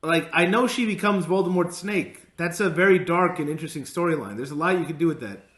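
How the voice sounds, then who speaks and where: Man, podcast co-host, sarcastic, blunt, bright tone, echoey room. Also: fairly high pitch, a little fast. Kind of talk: casual chat. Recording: roomy echo.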